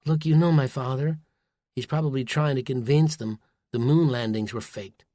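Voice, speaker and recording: A man voicing a worried wife who speaks calmly and coaxingly in an audiobook, recorded dry and close. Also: medium pitch, normal speed, no room sound, close to an everyday voice. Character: worried wife, calm and persuasive.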